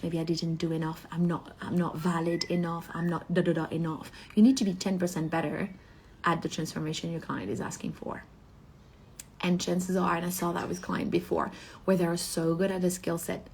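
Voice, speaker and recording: A woman's voice: fairly low pitch, darkish tone, a little hiss or hum. A woman business coach giving a motivational talk, asking rhetorical questions and checking in with a frequent "okay?".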